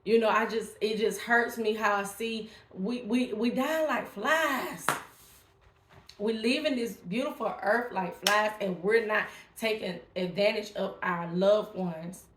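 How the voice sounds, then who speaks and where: A woman's voice: mid-range voice, a little slow, echoey room, noisy background. A woman vlogger talking casually and emphatically to her viewers, encouraging them. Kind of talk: casual direct-to-camera talk.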